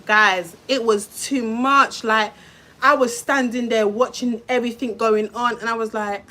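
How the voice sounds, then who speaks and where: A woman's voice: on the high side, fairly even intonation, a little slow, sharp tone. A young woman telling a story to her viewers in a casual, chatty way, swearing, with lots of fillers and restarts.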